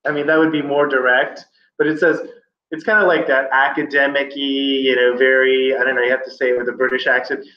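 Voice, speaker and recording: A man's voice: mid-range voice, flat delivery, fairly quick. Casual joking male test-prep teacher. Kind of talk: classroom lesson. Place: classroom. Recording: roomy, slightly dull classroom recording.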